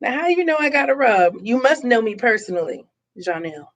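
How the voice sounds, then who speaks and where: A fairly high-voiced woman hosts a casual live stream from her living room by the fireplace. She is chatty and bubbly, laughs often and fills her talk with ums and you-knows as she answers viewer comments. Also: big pitch swings, a little fast. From born in Boston, raised in Tampa, Florida, US.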